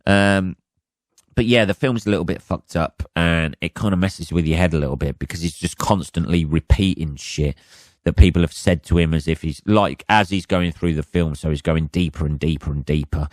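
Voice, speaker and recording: Hoarse, foul-mouthed man rambling on a podcast. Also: low voice, moderate pace, a little mellow, no room sound. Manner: rambling, swears constantly, jokey asides. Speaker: podcast host. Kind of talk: casual solo podcast monologue.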